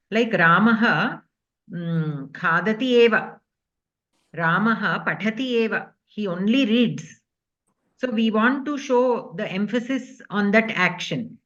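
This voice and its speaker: A woman's voice: mid-range voice, a bit bright, lo-fi sound. A woman teaching Sanskrit grammar in an online class, explaining patiently and checking in with her students often.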